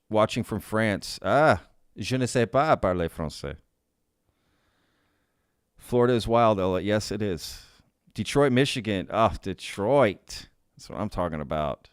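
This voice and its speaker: A cheerful man hosts a relaxed live stream as a podcast host reading live chat, greeting viewers and laughing readily. His fairly low voice is smooth and clear, recorded dry and close to the mic.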